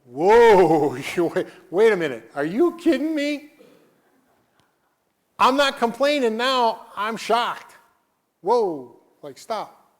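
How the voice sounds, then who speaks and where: A man's voice: high voice, very animated, slow pace, pauses often, voice pushed up, heavily acted. A man doing a shocked, protesting prophet. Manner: loud, exclaiming. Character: shocked, protesting male prophet crying out to God.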